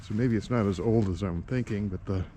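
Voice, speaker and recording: A man with a low-leaning, warm voice narrates a casual vlog from a helmet camera while exploring an old industrial site, musing and halting with lots of fillers. He's outdoors near rail lines, with clear street and vehicle noise in the background.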